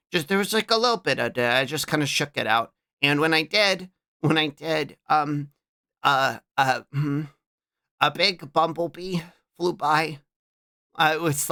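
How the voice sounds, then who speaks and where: Halting, bright-voiced streamer man. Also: a little high. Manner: halting, with repeated fillers and restarts; greets viewers by name mid-story. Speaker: livestream host. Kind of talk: casual chat to a live stream audience.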